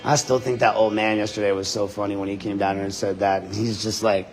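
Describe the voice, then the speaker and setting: A man's voice: lowish voice, level tone, fast talker, soft background music, low-quality recording. A man talking casually into his body-worn camera inside a public building, laughing often and swearing freely. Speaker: independent journalist livestreaming.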